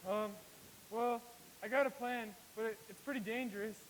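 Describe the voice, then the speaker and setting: A teenage boy playing an eager scarecrow in a school stage play, talking in halting starts. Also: very high voice, fairly even intonation, a little hiss or hum, poor audio. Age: teens. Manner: hesitant, halting. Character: eager male scarecrow with a risky plan. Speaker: student actor. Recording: stage recording with music behind.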